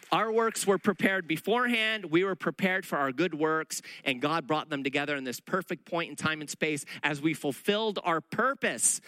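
Brief middle-aged man preaching, high bright voice, lively storyteller who acts out the dialogue, dry close sound. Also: no echo, low-quality recording. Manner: animated, acts out dialogue in his stories. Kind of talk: sermon storytelling.

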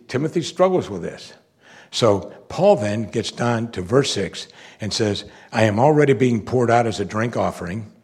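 A man preaching a sermon, moving between quiet, reflective asides and loud, emphatic declarations. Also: on the low side, husky. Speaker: pastor.

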